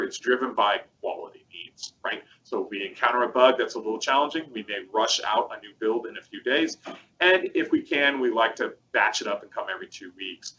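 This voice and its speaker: A man's voice: medium pitch, pushed and bright, dull audio. A man co-hosting a casual webcast, chatty and rambling with plenty of fillers as he walks through a product demo. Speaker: co-host presenting a product demo.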